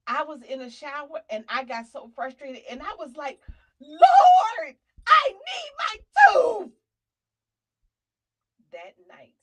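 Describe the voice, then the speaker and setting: New york woman telling a story on a talk show, fairly high voice, gets quiet then real loud. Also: rough recording. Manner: animated testimony, swinging from low murmurs to loud cries. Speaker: guest.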